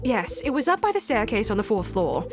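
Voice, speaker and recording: A woman's voice: a little high, big pitch swings, a little fast, music in the background. A woman voicing a friendly, polite male neighbor in a video game.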